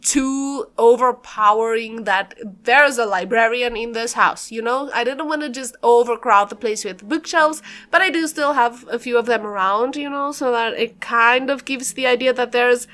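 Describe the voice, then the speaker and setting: Giggly high-voiced young woman rambling. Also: normal speed, few pauses, a bit bright. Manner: rambling, giggly, lots of fillers. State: a bit out of breath. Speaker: YouTuber doing a game build voiceover. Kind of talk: casual voiceover commentary.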